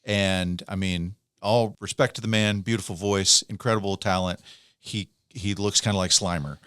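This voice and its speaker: Low-voiced man in relaxed chat. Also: normal speed, clear, resonant tone, dry recording, clean studio sound. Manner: relaxed, chatty, frequent short backchannels. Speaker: podcast co-host. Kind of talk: casual chat.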